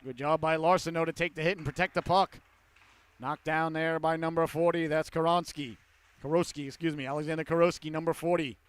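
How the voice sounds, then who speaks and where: A man calling a youth hockey game play-by-play, with rapid calls that rise to excited shouts on goals. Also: a little high, clean tone. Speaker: play-by-play commentator.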